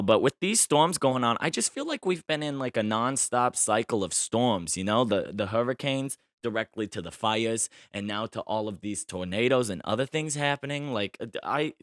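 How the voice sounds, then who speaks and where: A man talks loosely into a close mic as a podcast host, full of playful, boastful jokes. His voice sits fairly low, and the recording is dry with no room sound. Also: fairly bright tone, no echo. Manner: playful, boastful, tongue-in-cheek. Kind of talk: casual solo podcast chat.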